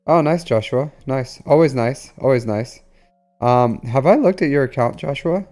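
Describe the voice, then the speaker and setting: A man's voice: mid-range voice, normal speed, warm tone, faint music behind. A man streaming a game live, chatting casually with viewers in a rambling way full of fillers. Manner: rambling, filler-heavy, talks to chat.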